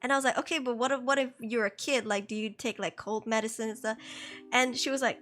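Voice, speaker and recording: A woman's voice: sits high, normal speed, bright, forceful tone. A young woman streamer in her twenties chatting casually into a headset, slangy, laughing often. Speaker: VTuber streamer. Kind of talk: casual chat.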